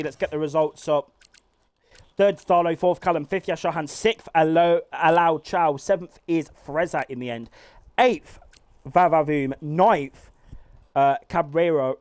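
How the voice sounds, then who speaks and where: A man giving live play-by-play commentary on a sim race, excitable and swearing freely as he calls the action. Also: on the high side, dry recording.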